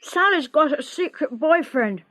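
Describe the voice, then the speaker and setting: A woman's voice: high-pitched, animated, a little slow, a bit bright, voice pushed up. A woman voicing a cheeky teenage boy who teases his sister in a storybook reading. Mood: teasing. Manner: playful teasing. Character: teenage boy, teasing cheeky younger brother.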